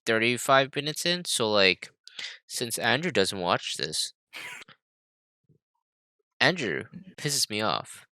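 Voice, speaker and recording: A young man co-hosting a podcast, telling stories in a casual, animated way with some swearing. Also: medium pitch, slow pace, pauses often, no room sound. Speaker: podcast co-host. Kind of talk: casual chat.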